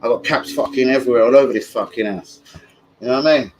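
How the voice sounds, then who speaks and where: A man's voice: medium pitch, fast, a little hiss or hum, poor audio. A young man ranting in a rambling, sweary livestream chat about football. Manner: rambling, sweary, loses his thread. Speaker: football fan streamer.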